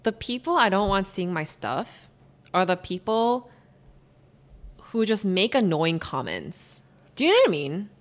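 A woman's voice: medium pitch, measured pace, long pauses. A young adult woman co-hosting a podcast, ranting in casual chat and filling her talk with "like". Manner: ranting, animated, heavy use of "like". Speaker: podcast co-host.

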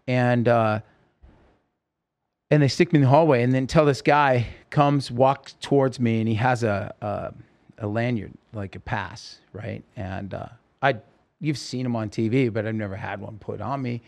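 A man's voice: mid-range voice, moderate pace, vocal fry, a little mellow. A man telling his life story as a podcast guest, acting out the voices of people he quotes. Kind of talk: storytelling interview. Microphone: podcast microphone.

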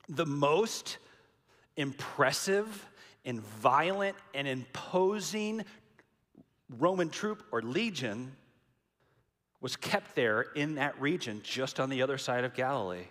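A man's voice: mid-range voice, animated, slow, long pauses, fairly bright tone. A man preaching a sermon in a dramatic, emphatic way, repeating key lines for weight. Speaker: pastor. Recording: long hall reverb.

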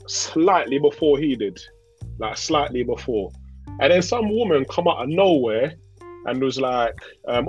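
A man's voice: medium pitch, husky. Guy rambling in a casual chat, slightly muffled audio with faint music. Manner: relaxed, rambling storyteller, frequent "bro" and "innit".

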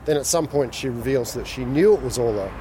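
Man, mid-pitched, hesitant film chat recorded outdoors, traffic noise behind. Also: a little fast. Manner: musing, hesitant, many restarts. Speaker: film discussion co-host. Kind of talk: casual chat while walking. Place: city street outdoors. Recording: street noise from passing traffic.

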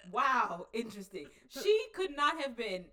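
A woman co-hosting a podcast in casual chat, animated and profane, laughing often and acting out scenes. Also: a little high, a little slow. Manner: animated, profane, laughs a lot, acts out lines. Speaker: podcast co-host. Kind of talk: casual chat recapping a show.

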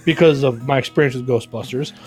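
A man co-hosting a casual chat, animated and joking, with light background music. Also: mid-range voice, fast. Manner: animated, joking, puts on mock voices.

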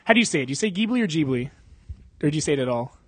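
Very fast and animated, a young man hosting a podcast chats casually in a somewhat high, slightly bright voice. He rambles, swears and keeps laughing, with no room sound at all.

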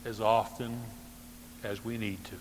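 A man preaching a sermon as pastor, emphatic, rising to loud stresses and dropping to soft low phrases, with dry humorous asides. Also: little pitch movement, a little slow, in a large hall, slight background noise, low-quality recording. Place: church sanctuary.

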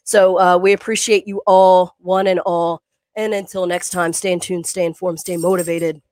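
A woman's voice: fairly low pitch, level tone, moderate pace, a little mellow, no echo. A middle-aged woman co-hosting a fitness podcast over a video call, talking casually and earnestly with lots of fillers and restarts.

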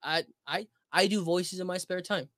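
A man's voice: sits high, normal speed, fairly bright tone, dry recording. A man in his twenties as a podcast guest, laid-back with crude humor. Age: 20s. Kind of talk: casual podcast interview.

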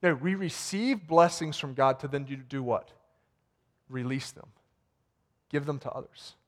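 A pastor preaches a sermon in a warm church sanctuary, conversational in manner, retelling stories with their dialogue, repeating words and ending in prayer. He speaks at medium pitch and a measured pace, and he is sweating.

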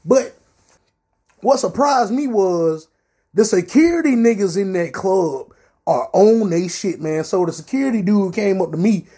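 A young man telling a profane, animated story on his podcast. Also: sits high, a little slow, husky. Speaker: podcast host. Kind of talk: casual storytelling.

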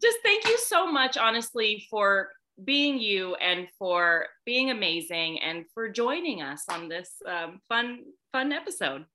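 A woman co-hosting a podcast, playful and animated in casual chat. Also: mid-range voice, a little slow, hardly any pauses, slight background noise. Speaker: podcast co-host.

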